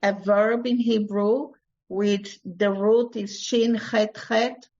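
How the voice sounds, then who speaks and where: Slow, hesitant woman in a class. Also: mid-range voice, steady tone, mellow. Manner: hesitant, searches for words. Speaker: class participant. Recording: dull lo-fi class recording.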